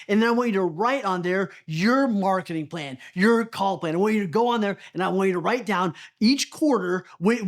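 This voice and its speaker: A man coaching real estate agents, direct and emphatic, acting out sample phone calls. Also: sits high. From Texas. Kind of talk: energetic coaching talk to camera.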